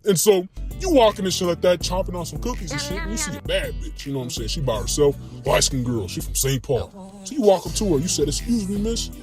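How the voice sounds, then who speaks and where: A man's voice: fast talker, over music. A young man from Minnesota giving a loose, profane comedy monologue as a YouTuber. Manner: loose, slangy and profane, animated swings in pitch.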